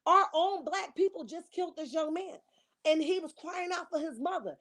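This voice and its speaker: A woman's voice: very high-pitched, animated, moderate pace, a bit bright. A woman in her forties from Camden, New Jersey, hosting her own commentary video, scolding hard with one rhetorical question after another. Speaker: online commentary host. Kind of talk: heated rant commentary.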